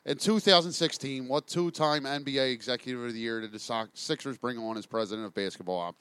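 A man co-hosting a casual sports show from a bar, asking trivia and talking in a laid-back, halting way. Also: mid-range voice, fairly bright tone, clear, resonant tone. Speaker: sports talk show co-host.

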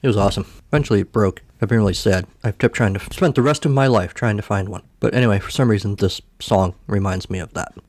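A man's voice: lowish voice, fast talker, hardly any pauses, a little mellow, no echo. A man hosting a podcast, recapping a film casually in a rambling, self-correcting way. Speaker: podcast host.

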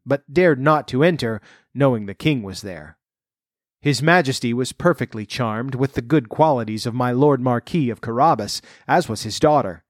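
A man reading a fairy tale aloud in measured narration, then adding wry comments of his own. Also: medium pitch, dry recording, clean studio sound. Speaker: storyteller.

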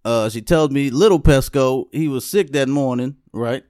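A young man hosting a podcast, telling a long story in an easygoing, chatty way. His voice has an ordinary middle pitch and sounds close and dry, with hardly any room sound behind it. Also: moderate pace, a little mellow, clean tone, no echo. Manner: laid-back storytelling, frequent laughs and "you know what I'm saying". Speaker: podcast host. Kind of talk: casual podcast chat.

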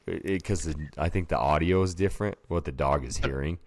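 A man co-hosting a podcast in casual chat, a rambling, animated storyteller. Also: extremely low pitch, fairly quick, no echo. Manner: rambling, animated storyteller who acts out whispers. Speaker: podcast co-host.

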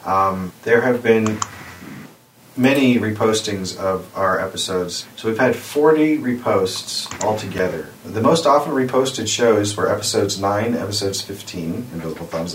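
A man in his forties co-hosting a podcast, rambling and playful, sometimes slipping into silly voices. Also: sits low. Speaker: podcast co-host. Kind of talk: casual chat. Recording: echoey room, distant from mic, faint hiss.

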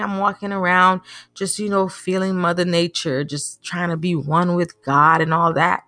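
A woman's voice: medium pitch, a bit bright, dry recording, clean studio sound. A woman hosting a podcast, giving an earnest, preachy motivational talk and telling stories with animation. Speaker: podcast host. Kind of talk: motivational monologue.

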